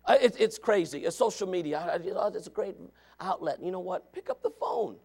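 A man preaching a Sunday school sermon as a Baptist preacher, hammering points through repetition and building up to shouting. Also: high-pitched, fast.

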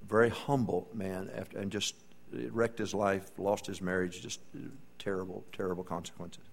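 Low-voiced preacher. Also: male voice, little pitch movement, normal speed, vocal fry, slightly rough. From East Texas. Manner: earnest, folksy, hushed during the story. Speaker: pastor. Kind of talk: sermon with storytelling.

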